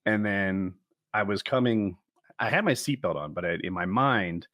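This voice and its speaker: A man co-hosting a podcast, telling stories in a calm, detailed way during casual chat. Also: on the low side, normal speed, no room sound, clean studio sound. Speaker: podcast co-host.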